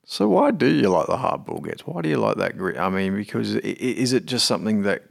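A man's voice: lowish voice, very animated, a little fast, creaky. An Australian man hosting a podcast, asking questions in a casual, hesitant way with restarts. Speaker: podcast host.

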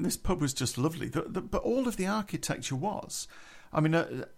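Chatty, gravelly storyteller man. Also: medium pitch. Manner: chatty, laughing often, loose with fillers. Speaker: podcast storyteller. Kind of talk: casual anecdote.

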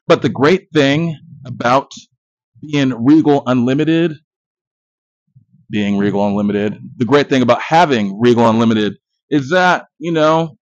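Here the podcast host, a man in his thirties with a mid-range voice, rolls through a casual movie review laced with profanity, jokes, and bragging. The recording is dull, lo-fi, and dry, with no room sound.

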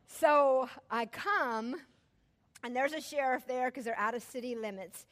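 Animated woman telling a story. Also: sits high, moderate pace. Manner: animated, chatty, laughs often. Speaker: speaker to a church audience. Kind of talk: personal storytelling to an audience.

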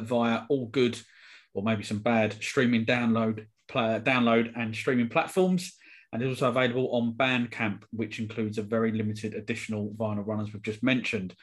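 A man hosting a podcast, wrapping up in a friendly, filler-heavy way. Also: medium pitch. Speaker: podcast host. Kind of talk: casual podcast chat and sign-off.

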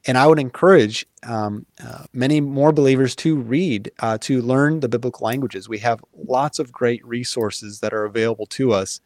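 An earnest man talks things through in a relaxed interview, pausing on fillers and restarting his sentences as he thinks. His voice sits in a middle range and sounds dry and close, with little room around it. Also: mid-range voice, dry recording. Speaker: guest. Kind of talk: casual conversational explaining.

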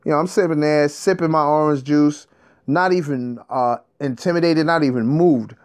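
A man in a casual monologue, telling a story in an animated, streetwise way, with profanity and slang. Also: on the high side, normal speed.

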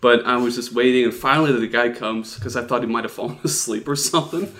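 A man's voice: medium pitch, fast, a bit bright. Young man, Dutch accent, podcast co-host, rambling self-deprecating storyteller, casual. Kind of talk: casual chat.

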